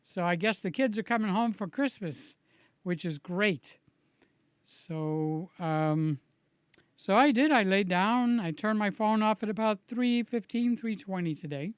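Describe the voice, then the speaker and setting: A man chatting slowly and casually with live viewers, a little hoarse, greeting people by name and rambling between stories. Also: high-pitched, no echo. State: slightly hoarse from shouting. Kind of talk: casual live-stream chat.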